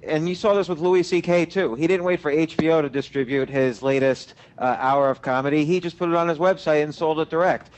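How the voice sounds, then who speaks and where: A man's voice: on the high side, highs cut off. A man, a guest on a roundtable talk show, speaking emphatically in sweeping statements. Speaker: panel guest. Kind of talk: casual roundtable chat.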